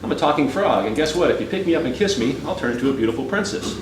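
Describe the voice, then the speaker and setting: A man's voice: on the high side, lively intonation, rapid-fire, pitched above the performer's own voice, close to an everyday voice. A man voicing a talking frog that insists it is an enchanted princess, pleading and getting frustrated. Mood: coaxing. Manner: pleading, growing frustrated and angry. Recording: roomy and distant with background noise.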